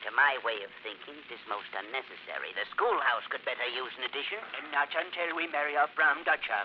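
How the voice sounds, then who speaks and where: A man's voice: mid-range voice, fast, natural voice. An actor playing a grumbling village man in 1940s radio acting, hesitant and full of uh's. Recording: muffled old radio transcription with hiss.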